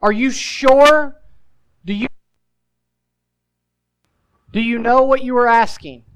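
A male preacher voicing a stern adult Jesus who questions an eager follower, in a measured, probing way. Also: very high-pitched, fairly bright tone, clear, resonant tone, exaggerated voice, low-quality recording.

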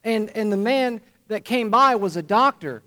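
A man preaching to his congregation in a fairly high voice, leaning on repetition and deliberate emphasis. His sermon delivery is earnest and measured, building points one phrase at a time. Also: animated, sharp tone. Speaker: pastor. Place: church congregation.

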